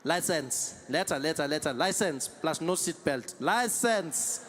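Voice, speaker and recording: A man's voice: fairly high pitch, lively intonation, measured pace, a bit bright. Man playing a clipped traffic cop, curt, bargaining. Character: brusque South African traffic cop, male.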